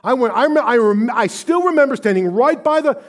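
A man in his thirties preaching, telling a personal story in sermon style, dropping to a hushed voice and then rising to loud, emphatic peaks as he acts out quotes. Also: extremely high pitch, lively intonation, a little fast. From Illinois, USA. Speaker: pastor.

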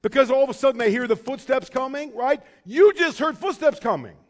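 Passionate high-voiced male preacher. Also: lively intonation, brisk. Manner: passionate, swinging from loud urgent pleas to quiet low asides. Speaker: pastor. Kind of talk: sermon.

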